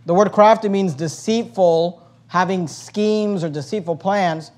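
A man preaching a sermon as pastor, reading scripture aloud and building to loud emphatic stretches. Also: sits high, normal speed.

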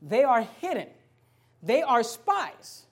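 A man preaching a sermon, acting out quotes with sudden loud bursts and joking asides to the congregation. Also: very high-pitched, huge pitch swings, slow pace, breathy edge. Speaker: pastor.

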